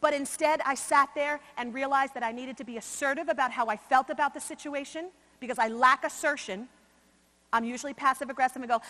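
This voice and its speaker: A woman from New York giving a motivational keynote at a conference, swinging between loud emphasis and slow, quiet asides. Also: high voice. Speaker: conference speaker. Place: large conference hall. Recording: long hall reverb.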